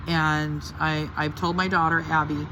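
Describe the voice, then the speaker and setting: A woman's voice: low-pitched, flat delivery, a little slow, sharp tone, a little hiss or hum. An older woman giving a casual personal testimony about her faith, talking in an earnest, heartfelt, rambling way. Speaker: Christian testimony speaker.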